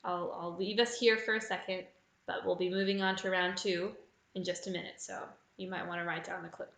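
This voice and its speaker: An Australian woman runs a live trivia night online, reading out questions slowly and saying each clue twice. Her voice is bright and clear, and it rings in a roomy, echoey space. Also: lowish voice, little pitch movement. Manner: reads clues slowly and repeats them. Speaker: quiz host. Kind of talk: live online pub quiz hosting.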